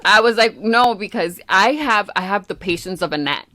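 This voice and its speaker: A woman co-hosting a podcast in casual chat, telling animated stories, swearing freely and acting out quotes. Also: mid-range voice, normal speed, crowd noise. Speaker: podcast co-host.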